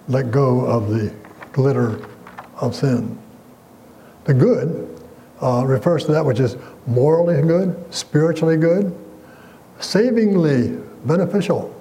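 A man's voice: medium pitch, dark tone, a little hiss or hum, poor audio. A man preaching a sermon as pastor, earnest and emphatic, quoting scripture and asking the congregation questions.

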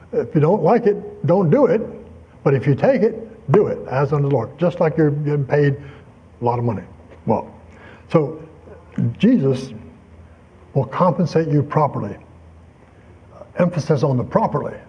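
Older man, husky voice, slightly raised pitch, folksy sermon, dull lo-fi recording. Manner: folksy, conversational, with asides and anecdotes. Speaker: preacher. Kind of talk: Bible teaching sermon.

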